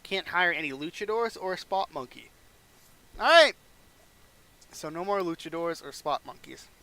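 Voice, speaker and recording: A man's voice: on the high side, a little fast, vocal fry, pushed and bright, no room sound. A young man casually narrating a wrestling management game playthrough, rambling and acting out characters' lines. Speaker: gaming channel host.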